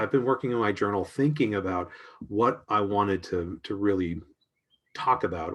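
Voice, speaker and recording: A man with a very low, deep voice talks his way through an art journaling demonstration. He speaks casually and reflectively, pausing with ums and restarting his sentences as he works at his desk. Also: breathy edge.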